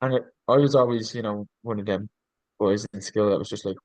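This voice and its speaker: A man's voice: lowish voice, steady tone, fairly quick, a little mellow, no room sound, poor audio. A man, a coach on a podcast, talking reflectively and earnestly, often restarting his sentences and searching for words with ums. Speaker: podcast guest, leadership coach.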